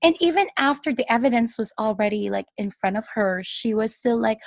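Sarcastic female co-host, fairly high voice, dry close sound. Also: a little fast, few pauses, no echo. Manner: incredulous, sarcastic asides. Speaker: podcast co-host. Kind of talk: casual chat.

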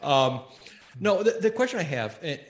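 Man, podcast host, animated, stumbling, apologetic, echoey room. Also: a little high, moderate pace. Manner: animated, stumbling over his words, apologetic. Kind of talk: casual interview chat.

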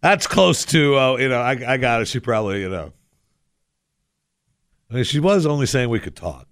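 A man's voice: medium pitch, expressive, normal speed, pauses often, fairly bright tone, clear, resonant tone. A man hosting a talk radio show, rambling and wry, often interrupting himself. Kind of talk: casual talk radio commentary.

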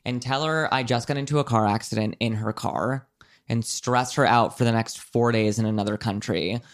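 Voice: mid-range voice, fairly even intonation, moderate pace. A young adult telling a long story in casual chat, rambling with many fillers and frequent swearing.

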